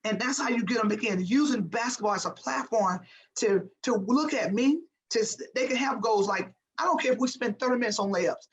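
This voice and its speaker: Pitched on the high side and fairly quick, this woman is captured on a low-quality recording. As an interview guest playing the part of a basketball coach, she's motivational and emphatic, driving points home through repetition.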